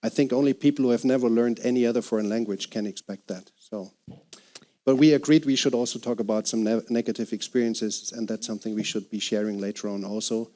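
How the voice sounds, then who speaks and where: A man's voice: lowish voice, fairly even intonation, quick pace, warm tone. A man from Germany moderating a group discussion, chatty and friendly, laughing as he talks.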